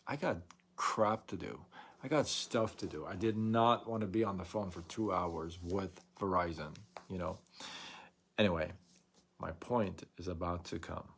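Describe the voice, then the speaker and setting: Gravelly low-voiced man telling a story. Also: measured pace, slight background noise. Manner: animated, retells a frustrating phone call with many quoted exchanges. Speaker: host of a live show. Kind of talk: casual storytelling monologue.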